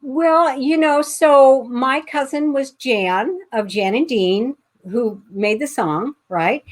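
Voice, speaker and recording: This guest author, a middle-aged woman from Pasadena, California, recounts a family anecdote slowly, her voice sitting high. The conversation is relaxed, with many fillers and false starts.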